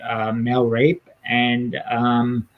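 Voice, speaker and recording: A man's voice: mid-range voice, monotone, takes it slowly, phone-quality sound. A man co-hosting a casual podcast, talking in an earnest, easygoing way with frequent fillers. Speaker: podcast co-host and stand-up comedian.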